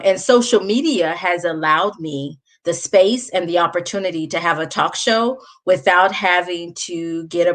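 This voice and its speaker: A woman's voice: lowish voice, fairly bright tone. Southern lady chatting live to her viewers, laughs a lot, easygoing, talking into a webcam at home. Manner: chatty, laughs often, speaks straight to viewers. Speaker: livestream host. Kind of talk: casual live chat.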